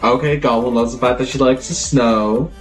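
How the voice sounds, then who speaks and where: A man's voice: medium pitch, steady tone, normal speed, faint music behind. A man live streaming, chatting casually and rambling as he thinks aloud, always calling himself Goblin in the third person.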